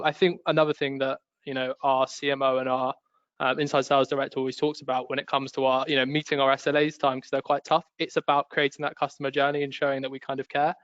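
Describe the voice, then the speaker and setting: A man's voice: mid-range voice, fairly bright tone, no room sound, lo-fi sound. A man on a video call panel, speaking hesitantly with many ums. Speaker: sales rep, panelist. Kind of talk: casual panel discussion.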